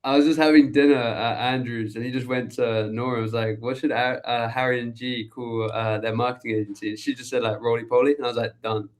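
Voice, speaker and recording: A man's voice: medium pitch, steady tone, fast talker, few pauses. A young English man, a guest in a casual interview, talking loosely with many fillers and laughs. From England. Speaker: guest, agency co-founder.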